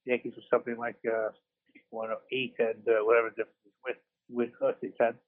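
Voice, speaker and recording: Fast-talking man on a tinny phone line. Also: medium pitch, little pitch movement. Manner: rambling, self-deprecating, halting restarts. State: recovering from surgery in hospital. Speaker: podcast co-host. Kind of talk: casual sports podcast chat. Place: hospital room.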